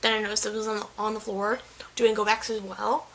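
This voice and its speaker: A woman's voice: mid-range voice, level tone, fairly quick, fairly bright tone, a little hiss or hum, poor audio. A young woman venting in a casual vlog, retelling a story in a chatty, frustrated way and filling it with "like" and quoted lines. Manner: chatty, heavy use of "like", quotes others mid-story. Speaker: vlogger.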